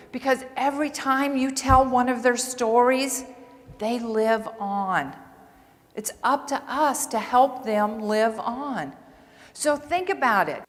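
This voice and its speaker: A woman nursing assistant and coach giving an earnest, animated storytelling speech to a large audience. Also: a little high. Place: large hall before several hundred people. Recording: long reverb of a large hall.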